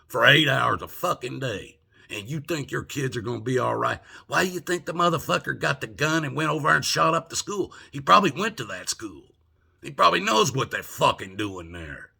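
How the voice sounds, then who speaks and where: A man's voice: medium pitch, expressive, moderate pace, gravelly, bright, forceful tone, husky. An older man ranting angrily from home, profane and indignant, firing off rhetorical questions. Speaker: vlogger. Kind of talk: angry political rant.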